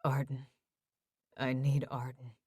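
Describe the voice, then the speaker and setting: A woman voicing an injured young male firefighter who talks quietly with dry humor. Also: a bass voice, completely flat delivery, slow, breathy edge, no echo, voice pushed down, exaggerated voice. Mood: weak, wry.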